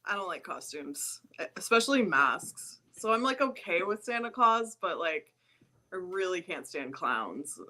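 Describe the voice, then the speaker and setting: A woman's voice: on the low side, big pitch swings, a little slow, bright, forceful tone. A woman who is a guest on a casual podcast, speaking earnestly and chatting freely. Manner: earnest, chatty, laughs easily.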